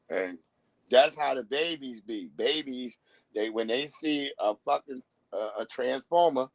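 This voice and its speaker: Gravelly man ranting bluntly. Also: on the high side, a little slow, no room sound, low-quality recording. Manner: blunt, animated, acts out quoted voices. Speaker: live streamer. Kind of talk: casual profane rant.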